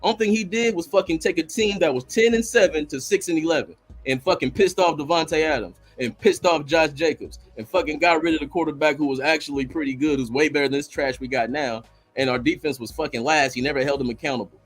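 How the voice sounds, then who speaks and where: Profane, heated male fan ranting on a podcast, slightly high voice. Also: fast, soft background music. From Los Angeles area. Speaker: guest fan.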